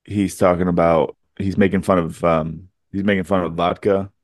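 A man's voice: low-pitched, flat delivery, moderate pace, no room sound, studio quality. A man co-hosting a podcast in casual chat, laughing often as he retells scenes. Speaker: podcast co-host.

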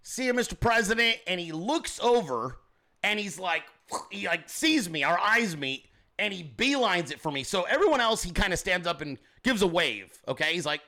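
Guy telling a story on a podcast, high bright voice, acts out quotes, swears casually. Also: sing-song, moderate pace. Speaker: podcast host.

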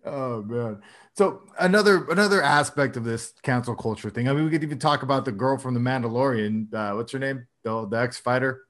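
A man's voice: medium pitch, brisk, a bit bright. A young man co-hosting a casual podcast chat, probing and pushing back with questions. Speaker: podcast co-host.

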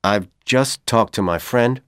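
A man with a Persian accent voicing a manipulative young man who coaxes and pressures in a calm, persuasive tone. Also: medium pitch, unhurried, clear, resonant tone, no echo, clean studio sound, pitched above the performer's own voice, natural voice. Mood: coaxing. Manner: coaxing, then coldly insistent.

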